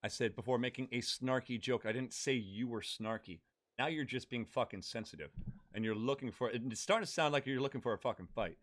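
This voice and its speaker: A man's voice: mid-range voice, brisk, fairly bright tone. A man streaming a game and chatting casually with his viewers, talking bluntly and swearing heavily. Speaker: gaming live streamer. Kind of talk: casual live-stream chat.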